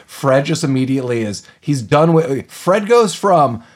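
A man's voice: fairly high pitch, unhurried. A man co-hosting a podcast, recapping a film in casual chat and acting out the characters' lines as he goes. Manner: animated retelling with acted-out quotes. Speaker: podcast co-host.

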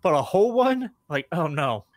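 A man's voice: on the high side, big pitch swings, moderate pace, no echo. A man guesting on a podcast, chatting casually and rambling, with lots of "like" fillers. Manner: rambling, heavy use of filler "like". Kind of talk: casual chat.

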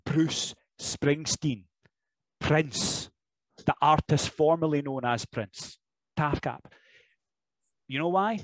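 A man's voice: mid-range voice, dry recording, low-quality recording. A Scottish man holds forth as a podcast guest with an easygoing, jokey energy. His voice sits in a plain middle register. The recording is close and dry with no room sound. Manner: animated, jokey storyteller who slips into impressions and laughs. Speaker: professional wrestler guest. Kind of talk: casual podcast interview chat.

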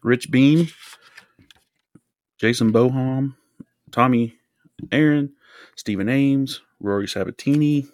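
A man's voice: mid-range voice, takes it slowly, long pauses, a little mellow, no room sound. A man co-hosting a golf podcast, easygoing, laughing easily and reading off lists. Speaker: podcast co-host. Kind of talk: casual chat.

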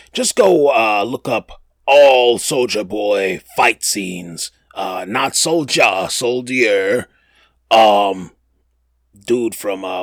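A man's voice: fairly low pitch, fairly bright tone, no room sound. A man hosting a casual podcast, rambling and slangy, with many fillers and restarts. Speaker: podcast host. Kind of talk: casual chat.

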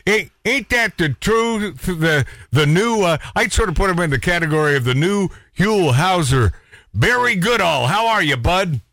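A man's voice: high-pitched, lively intonation, normal speed, sharp tone, no room sound, clean studio sound. A man hosting a talk radio show, rambling and emotional, often repeating himself as he chats with guests. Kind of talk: casual talk radio chat.

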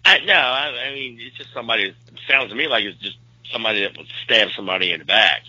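A man's voice: medium pitch, lively intonation, quick pace, pushed and bright, husky, no room sound, lo-fi sound. A man with a Southern US accent, co-hosting a podcast in laid-back, casual banter. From American South. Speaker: podcast co-host.

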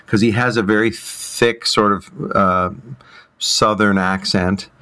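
A man's voice: lowish voice, steady tone, takes it slowly, pushed and bright, clean tone. A man speaking as a guest musician in a casual interview, thoughtful and hesitant, with many fillers and restarts.

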